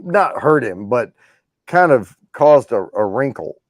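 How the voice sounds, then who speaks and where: A man's voice: medium pitch, big pitch swings, slow, no room sound, clean studio sound. A man hosting a giveaway show, chatting casually about classic rock, rambling with frequent restarts. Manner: rambling, restarts often, storytelling.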